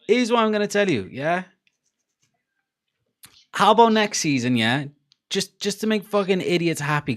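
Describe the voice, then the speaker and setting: A Welsh-accented man from Cardiff hosts a live football watchalong stream, chatting casually with viewers. His mid-range, slightly bright voice is chatty and sweary, with laughter between rants.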